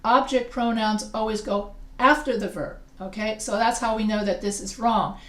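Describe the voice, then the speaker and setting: A woman's voice: a little high, steady tone, normal speed, roomy sound. A woman instructor giving a chatty, playful grammar lecture in a classroom, asking students questions as she goes. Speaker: writing instructor.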